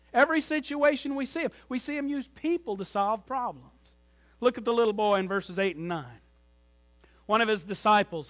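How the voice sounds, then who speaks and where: A man preaching a sermon in a church, telling stories and moving between strong emphasis and hushed, quiet lines. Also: high voice. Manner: storytelling preacher, rises loud then drops to near whisper. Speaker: pastor. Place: church sanctuary.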